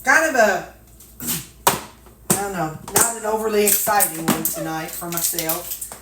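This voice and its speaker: A woman's voice: lowish voice, unhurried, noisy background. Older woman, homespun chatty vlogger talking to herself as she packs meals, echoey kitchen with dishes clattering. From Missouri, USA. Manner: folksy, chatty, talks to herself, drawling asides. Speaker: weight-loss vlogger. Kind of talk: casual chat while packing meals. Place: home kitchen.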